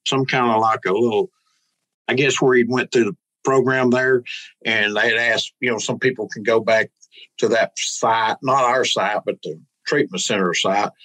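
A man speaks in a relaxed, mid-pitched voice as a pastor in a casual interview. He rambles in a folksy way, often slipping into other people's words as he tells a story. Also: moderate pace, rough recording. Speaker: pastor and guest.

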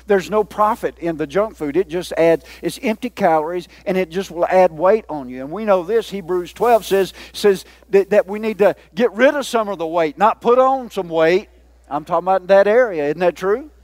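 A man preaching a sermon, teasing his listeners as he goes. His voice sits high for a man. The sound is dry and close, with no room echo. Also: moderate pace, a little mellow. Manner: folksy, joking with the congregation. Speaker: pastor.

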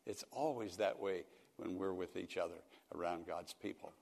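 A man's voice: low voice, moderate pace, gravelly, a little mellow. An older male pastor preaching a radio sermon, telling folksy stories and rising to emphatic peaks. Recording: long reverb of a church hall.

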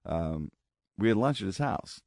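A male talk show host with a low, gravelly voice, drifting through a loose, rambling story. His pitch rises and falls a lot. The dry studio sound has no room echo. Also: lively intonation, measured pace, darkish tone. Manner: loose, rambling, laughs along. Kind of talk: casual talk-show chat.

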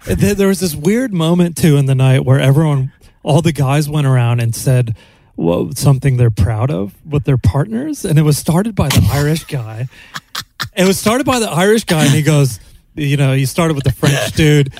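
An Australian man in his thirties, hosting a podcast, telling a story in casual, profane, animated chat and acting out the quotes. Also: a little high, moderate pace, vocal fry, no room sound. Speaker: podcast host.

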